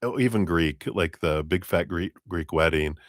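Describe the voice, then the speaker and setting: A man with a very low voice reads tarot on a live stream, recorded dry and close with no room sound, at a normal speed. His relaxed, meandering talk is full of fillers and spiritual phrases, and he laughs often and acts out spirit voices at a raised pitch.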